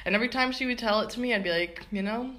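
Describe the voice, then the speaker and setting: A woman's voice: on the high side, racing, pushed and bright, slight background noise. A young woman co-hosting a podcast, telling a travel story in casual chat with lots of fillers and laughs. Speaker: podcast co-host.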